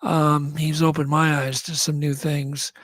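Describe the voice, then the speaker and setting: A man's voice: fairly high pitch, level tone, a little slow, fairly bright tone, no echo. A man hosting a radio talk show, signing off in an earnest, thankful way. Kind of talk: show sign-off chat.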